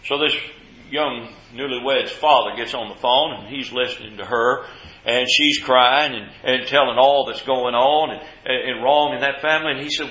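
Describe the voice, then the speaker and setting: Preacher guy telling stories from the pulpit, bright voice, kinda muffled roomy recording. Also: medium pitch, normal speed. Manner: folksy storytelling preacher, repeats words, swings from loud to hushed. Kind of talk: sermon. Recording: echoey hall, dull lo-fi sound.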